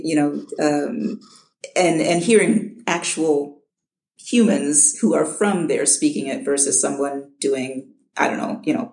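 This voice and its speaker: A woman's voice: low voice, a little mellow, echoey room. A middle-aged woman from Chicago, an audiobook narrator, talking casually in an interview, often restarting with repeated words and laughing.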